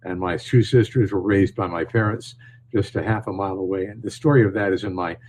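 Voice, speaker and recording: Older guy from upstate new york, low voice, slow thoughtful storyteller talk. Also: a little hiss or hum, low-quality recording. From northern New York, USA. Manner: calm, measured storytelling. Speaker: storyteller and author, guest. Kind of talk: podcast interview.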